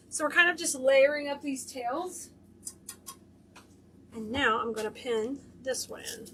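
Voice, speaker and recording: High-voiced chatty woman crafting. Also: fairly bright tone, slight background noise. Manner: chatty, gushing over her work. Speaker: craft tutorial host. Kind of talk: hands-on craft demonstration.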